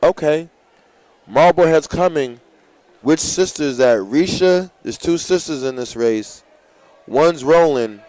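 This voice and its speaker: Excitable man calling a track race. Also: on the high side, slow, dry recording. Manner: excitable, hypes runners and gives coaching tips. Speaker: race announcer. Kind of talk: live track meet commentary.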